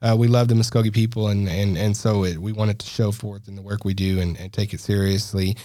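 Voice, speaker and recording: A man's voice: lowish voice, little pitch movement, fast talker, warm tone, no room sound. Chatty man co-hosting a podcast. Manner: chatty, laughs often, many fillers and restarts. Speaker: podcast co-host. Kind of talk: casual chat. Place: podcast studio.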